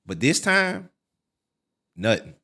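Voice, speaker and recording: A middle-aged man, a podcast guest, telling his life story in a casual, animated way, full of fillers like "man" and "like". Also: slow pace. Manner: relives quotes with sharp pitch leaps.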